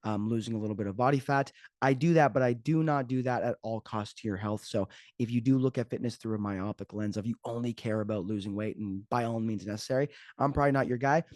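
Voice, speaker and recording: A man's voice: medium pitch, quick pace, darkish tone, dry recording. Man, podcast host, fitness coach, off-the-cuff jokes, dry close sound. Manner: joking, off-the-cuff, chatty. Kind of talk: casual solo podcast talk.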